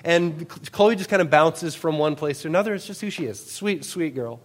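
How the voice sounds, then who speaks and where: A pastor in his thirties delivers a sermon in a fairly high, conversational voice. He leans on everyday family anecdotes and keeps pulling the congregation in with quick questions. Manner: conversational, anecdotal, often asks "right?".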